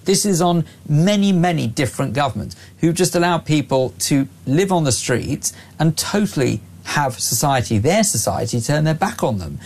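Male radio host, forties, dry sarcastic wit, pushes his views briskly. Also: a little high, big pitch swings, a little mellow, breathy edge. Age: 40s. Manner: brisk, sardonic, opinionated. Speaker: radio presenter. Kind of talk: talk radio discussion.

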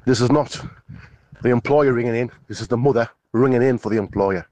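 A man's voice: medium pitch, brisk, a little mellow, dry recording. A man phoning in to a radio show, chatty and jokey as he tells funny stories. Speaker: caller. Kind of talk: phone-in call. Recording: distant phone line with faint noise.

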